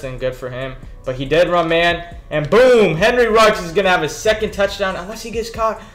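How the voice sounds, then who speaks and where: A man's voice: mid-range voice, fairly bright tone. A young man giving casual, slangy commentary over his own football video game match, mostly talking to himself as he plays. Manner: laid-back, slangy, talks to himself while playing. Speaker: gaming YouTuber. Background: background beats.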